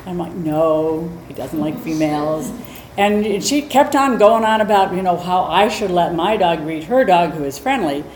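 A woman dog trainer teaching a class in a chatty, animated way, acting out little scenes as she explains. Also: mid-range voice, moderate pace, hardly any pauses. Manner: animated, chatty, acts out quotes. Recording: roomy echo, faint noise.

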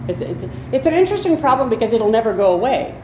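A woman's voice: a little high, sing-song, quick pace, mellow. A woman explaining dog behavior in a chatty, conversational way, with storytelling asides. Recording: roomy echo, faint noise.

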